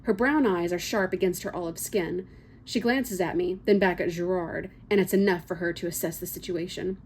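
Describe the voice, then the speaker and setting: A woman's voice: fairly low pitch, moderate pace, a little mellow, breathy edge. A woman reading a first-person novel excerpt aloud, with small slips and casual asides. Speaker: book reader.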